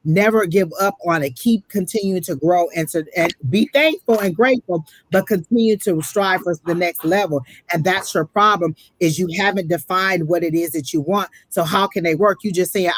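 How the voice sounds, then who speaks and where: A woman's voice: fairly low pitch, a little fast, hardly any pauses. A woman giving a live psychic reading, preaching emphatically and calling the listener honey, emotional and close to tears. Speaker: psychic reader.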